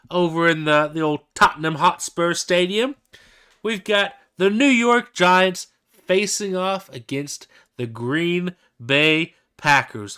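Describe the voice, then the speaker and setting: A man co-hosting a casual sports podcast, easygoing and halting, with lots of fillers and restarts. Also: on the high side, pushed and bright, clear, resonant tone. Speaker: podcast co-host.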